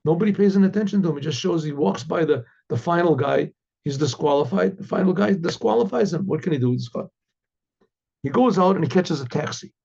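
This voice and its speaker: A rabbi telling a religious story in a rambling way, with many restarts and throat-clearing, on a dull lo-fi recording. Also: male voice, a little high, animated, fairly quick, dark tone.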